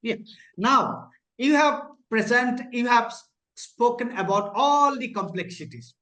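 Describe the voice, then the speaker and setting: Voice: mid-range voice, expressive, unhurried, fairly bright tone, roomy sound, poor audio. An interviewer who mostly offers brief agreeing interjections and short follow-up questions.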